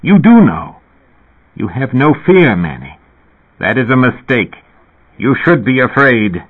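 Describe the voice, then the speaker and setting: A man's voice: mid-range voice, sing-song, unhurried, breathy edge, voice pushed up. A man reading the part of an angry, fearful old man in a raised, urgent voice, heard through a narrow-band radio sound. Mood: furious.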